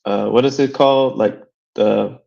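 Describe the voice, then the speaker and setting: A man in casual chat on a live audio space, earnest and reassuring, halting with many fillers. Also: lowish voice, steady tone, gravelly, dark tone. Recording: slightly dull lo-fi audio.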